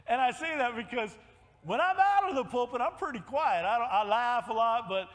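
A man in his sixties preaching a sermon, telling a story with animated swings and rising to shouts of praise. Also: extremely high pitch, a little hiss or hum. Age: 60s. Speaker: pastor. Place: church sanctuary. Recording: long hall reverb.

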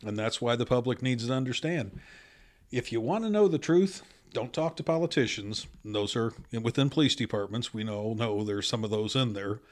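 A man's voice: medium pitch, normal speed. A man who was a police officer, a guest on a podcast, telling blunt, earnest stories in casual talk.

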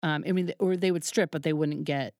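Lively woman telling a story, laughing. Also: deep voice, fast, no room sound, studio quality. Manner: animated, laughs often, acts out quoted dialogue. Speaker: podcast guest, burlesque troupe founder. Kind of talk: casual interview storytelling.

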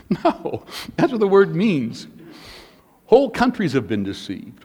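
A man's voice: a little high, a little mellow. A man preaching a sermon as pastor, emphatic and varied, asking rhetorical questions of the congregation. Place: church. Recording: long hall reverb.

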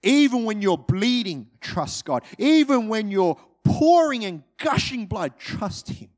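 Guy preaching a sermon, highish voice, slow and deliberate, goes loud then real quiet. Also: very animated. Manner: dynamic, swings from loud urgent peaks to hushed low delivery.

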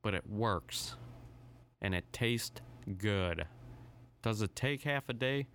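A man's voice: on the low side, expressive, slow pace, fairly bright tone, a little hiss or hum. A man hosting his own podcast, rambling through a casual, profane solo rant with a self-deprecating edge. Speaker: podcast host.

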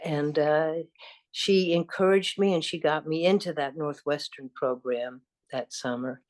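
An older actress from the American South with a faint Southern accent, telling rambling stories with frequent laughter in an interview. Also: female voice, low-pitched, unhurried. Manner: warm, rambling, self-deprecating, laughs often. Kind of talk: casual storytelling interview.

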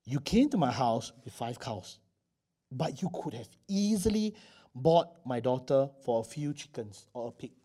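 A man's voice: mid-range voice, sing-song, unhurried, warm tone, breathy edge. A man voicing a poor, abusive old father who cannot believe what he hears. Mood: earnest. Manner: incredulous, disbelieving outbursts.

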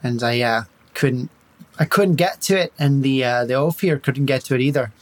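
A man voicing a smooth-talking male elf bard with an Irish accent, lilting and evasive, in a tabletop game. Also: normal speed, no room sound, natural voice. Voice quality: lilting, wheedling, pitch rising when pressed. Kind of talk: tabletop role-play in character.

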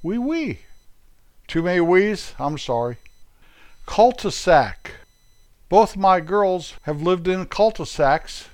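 A man's voice: high voice, animated, slow, clear, resonant tone. A middle-aged man with an American accent, delivering a playful, goofy comedic monologue and poking fun at himself. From United States. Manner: playful, goofy, self-mocking.

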